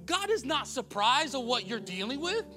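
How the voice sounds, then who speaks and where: A man pastor delivering a sermon in church, blunt and emphatic, swinging between soft passages and loud ones. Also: extremely high pitch, sing-song, moderate pace. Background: faint music.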